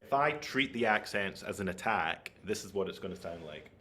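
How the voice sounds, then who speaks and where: A man's voice: low-pitched, lively intonation, normal speed, sharp tone. A man giving an online flute masterclass, explaining technique and checking in with his listeners as he goes. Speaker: flute teacher.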